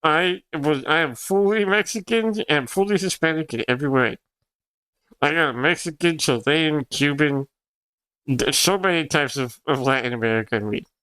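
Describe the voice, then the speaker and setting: A man's voice: a little high, moderate pace, pushed and bright, clean tone, dry recording. A young man whose first language is Spanish, chatting casually on a livestream, rambling and laughing often as he answers chat. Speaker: streamer.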